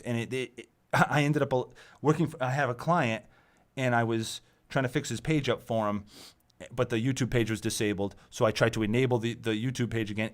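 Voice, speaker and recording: A fed-up man rants about technology in a middle-pitched voice, cursing freely as he goes. He sounds tired, trails off and circles back over the same complaints. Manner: exasperated, swears often, trails off and repeats himself. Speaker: channel host ranting. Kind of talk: profane tech rant monologue.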